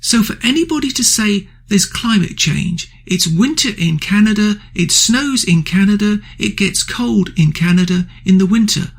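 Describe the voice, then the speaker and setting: Gravelly, ranting male radio host. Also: high-pitched, lively intonation, moderate pace, few pauses. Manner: ranting, indignant, blunt insults. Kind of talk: angry political opinion monologue.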